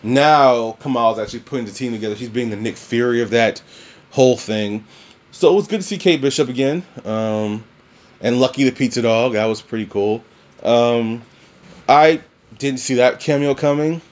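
A man's voice: mid-range voice, normal speed, darkish tone, lo-fi sound. Rambling, cursing male movie reviewer. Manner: rambling and profane, many fillers and restarts. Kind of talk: casual spoken film review.

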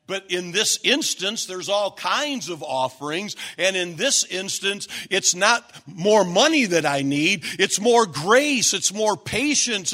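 Male preacher, high voice, unhurried sermon delivery, emphatic with shouted peaks. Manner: emphatic, rising to shouts at key points; repetitive, stacked phrases.

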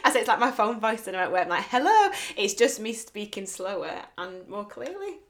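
A woman's voice: medium pitch, a crowd in the background. A woman co-hosting a podcast in casual chat, giggly and chatty. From Isle of Man. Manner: giggly, chatty, quick to laugh. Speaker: podcast co-host.

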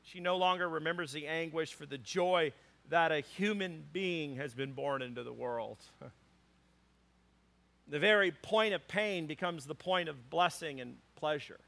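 A man preaching to a church congregation, with a high voice and a bright, forceful edge. He moves between teaching and animated, funny storytelling. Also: unhurried, creaky. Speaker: pastor. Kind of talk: sermon.

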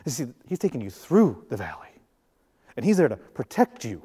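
A man's voice: mid-range voice, very animated, moderate pace, warm tone, slightly rough. A male pastor giving a sermon in a conversational way, with jokes and acted-out quotes. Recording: long reverb of a large hall.

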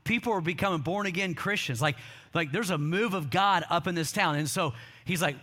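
A middle-aged man preaches with a notably high, bright voice. He tells stories, slips into quoted voices, and calls on the congregation to answer back. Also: a little fast. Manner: storytelling with quoted voices, call-and-response. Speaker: pastor. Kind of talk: sermon.

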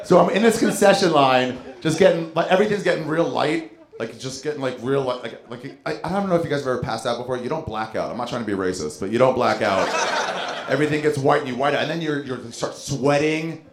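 A man's voice: medium pitch, fast, a little hiss or hum. A man telling a story on stage as a stand-up comedian, acting out the voices of the people in it. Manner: animated, acts out voices in his story. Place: comedy club stage with audience. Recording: echoey club with crowd laughter.

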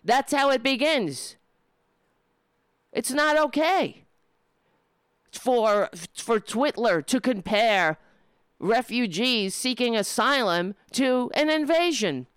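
Impassioned woman ranting, slow and smooth. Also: fairly high pitch, expressive, a bit bright, no room sound, clean studio sound. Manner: impassioned, indignant, with halting restarts. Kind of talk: opinion monologue.

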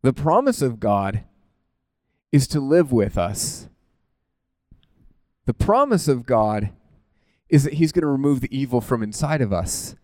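Animated, conversational male preacher. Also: mid-range voice, unhurried, long pauses, dry recording. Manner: animated, informal, self-interrupting, laughs at himself. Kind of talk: conversational sermon.

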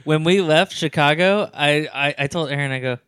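A man in a casual podcast chat, dropping quick, wry one-liners. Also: a little high, a bit bright, clear, resonant tone, no room sound, clean studio sound.

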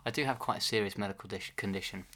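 A man's voice: lowish voice, racing, bright, forceful tone, slight background noise. A man co-hosting a comedy podcast, hesitant and mock-serious, often laughing. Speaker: podcast co-host.

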